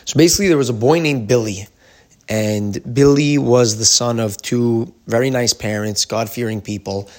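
A man's voice: medium pitch, moderate pace. A man telling a story in a religious lesson, in a casual way with many fillers. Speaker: teacher.

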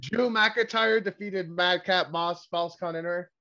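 A man's voice: high voice, a little slow, lo-fi sound. A man from Canada hosting a casual wrestling podcast, rambling, swearing often and getting worked up. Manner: profane, rambling, excitable. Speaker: podcast host.

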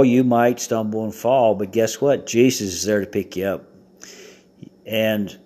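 A man's voice: lowish voice, a little mellow. A man, a pastor, giving a short devotional sermon: a corny joke first, then a scripture reading and preaching with emphatic swells.

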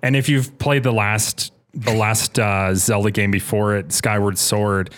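A man's voice: fairly low pitch, fairly even intonation, unhurried, a bit bright. A man co-hosting a casual podcast who agrees eagerly and talks fondly about old games.

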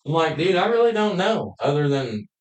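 Man, podcast co-host, folksy, profane, fast talker, slightly high voice, roomy sound. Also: very animated. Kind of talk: casual banter. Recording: echoey room.

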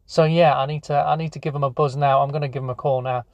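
A man hosting a comedy show in a rambling, deadpan monologue full of restarts. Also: mid-range voice, quick pace, few pauses, no room sound.

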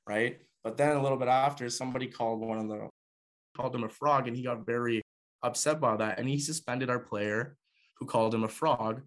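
A man's voice: mid-range voice, fairly even intonation, brisk. A young man from Canada, a former hockey player, telling a personal story in a casual, conversational way, with frequent filler words. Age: young adult.

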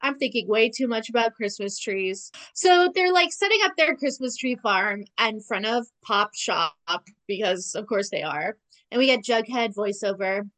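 A woman co-hosting a casual podcast, recapping a TV episode with sarcastic asides and quick acted-out lines of dialogue. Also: on the high side. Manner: animated, sarcastic, acts out character lines. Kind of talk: casual chat.

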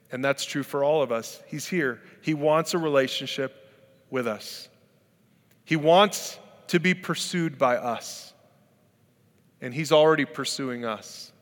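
A man's voice: on the high side, a bit bright. A middle-aged man, a pastor, preaching a sermon in a conversational, storytelling way. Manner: conversational, storytelling with acted-out quotes. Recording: long hall reverb.

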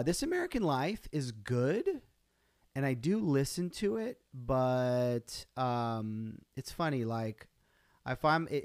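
A man's voice: mid-range voice, dry recording, studio quality. A man hosting his own podcast on a live stream, talking casually and rambling with fillers and restarts. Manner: rambling, chatty, self-interrupting with fillers. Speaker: podcast host.

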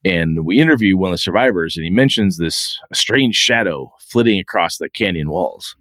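A man's voice: low voice, moderate pace, no echo. A middle-aged man co-hosting a podcast, telling stories in casual chat and acting out what others said. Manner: animated storyteller, acts out quotes. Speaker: podcast co-host.

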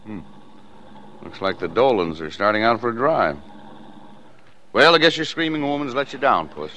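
An actor playing a patient small-town father in a 1940s radio play, talking gently and mildly teasing. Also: medium pitch, sing-song, moderate pace. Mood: fond. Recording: dull, hissy 1940s radio broadcast.

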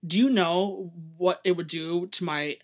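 A young man with a fairly high voice chatting casually on a podcast. He is animated and playful, slipping into silly put-on voices. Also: measured pace. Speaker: podcast co-host, drag performer. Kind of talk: casual chat.

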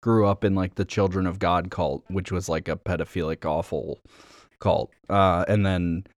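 A man's voice: low-pitched, steady tone, normal speed, no echo, studio quality. A man from New York co-hosting a podcast, chatting casually and wryly, full of hesitations and fillers. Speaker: podcast co-host. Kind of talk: casual chat.

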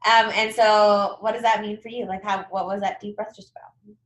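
A woman hosting a casual conversation, animated and encouraging, often acting out inner voices. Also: mid-range voice, moderate pace. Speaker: podcast host. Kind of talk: casual chat. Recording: echoey room.

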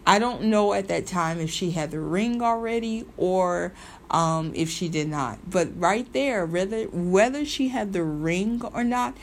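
A woman's voice: fairly low pitch, unhurried, a little hiss or hum. A woman hosting a video, telling a story in a loose, rambling way, full of ums and repeated phrases, and turning emphatic when she gets worked up. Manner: animated and emphatic, slips into mimicry. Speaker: video host. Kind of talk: casual storytelling commentary.

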